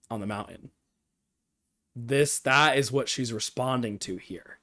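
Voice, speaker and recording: On a live stream, a man recaps and breaks down a TV episode, reacting like an excited, emotional fan and wandering into rambling tangents. His pitch is medium and his pace a little slow.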